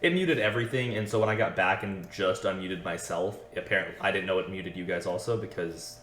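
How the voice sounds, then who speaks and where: A man's voice: low voice, fairly quick, a bit bright, slight background noise. A man running a tabletop game on a live stream, talking casually and loosely, apologizing often and restarting his sentences. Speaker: game master. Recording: roomy echo.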